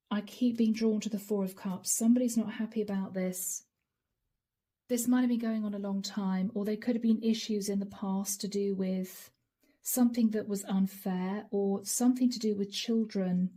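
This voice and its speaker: Woman, tarot reader, warm mellow tone, emphatic, repeats herself. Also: medium pitch, fairly even intonation, a little slow. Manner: dramatic, emphatic, repeats lines while acting out dialogue. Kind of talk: channeled tarot reading.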